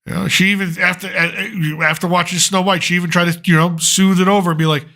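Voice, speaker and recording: A middle-aged man hosting a commentary show, with a somewhat high voice and a bright, forceful edge. He rants with sarcasm and plenty of profanity. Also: little pitch movement, quick pace, creaky. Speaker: host. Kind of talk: opinionated pop culture commentary.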